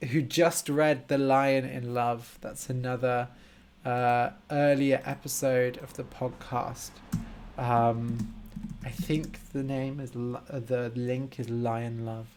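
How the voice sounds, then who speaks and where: Guy doing a live english lesson, talks real slow and clear, says hi to viewers. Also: mid-range voice, darkish tone. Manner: slow, clear, simplified speech for learners; greets viewers by name and explains words. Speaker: language teacher hosting a live stream. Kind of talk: casual live-stream chat with viewers.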